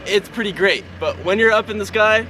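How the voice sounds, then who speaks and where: A man's voice: sits high, fairly quick, low-quality recording. A man being interviewed outdoors, upbeat and proud as he describes his volunteer job. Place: outdoors in the desert. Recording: outdoor noise behind.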